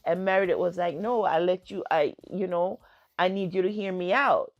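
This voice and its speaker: A woman's voice: fairly low pitch, moderate pace, highs cut off. Chatty woman recapping a reality show. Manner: animated, acts out quoted lines with fillers. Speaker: TV recap vlogger. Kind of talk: casual recap retelling.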